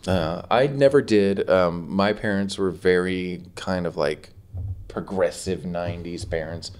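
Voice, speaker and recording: A man's voice: low-pitched, unhurried, darkish tone. A man from San Diego co-hosting a podcast in a studio, telling self-deprecating stories with a laugh. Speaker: podcast co-host. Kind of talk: casual podcast storytelling. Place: recording studio.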